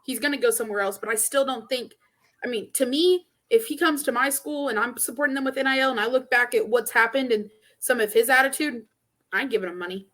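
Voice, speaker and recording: A woman's voice: on the high side, fast, fairly bright tone. A woman from Arkansas co-hosting a casual sports podcast, blunt and opinionated. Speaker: podcast co-host.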